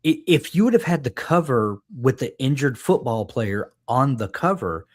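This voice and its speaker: A man co-hosting a casual book chat, thinking aloud in a rambling way with many pauses. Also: mid-range voice, expressive. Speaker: podcast co-host.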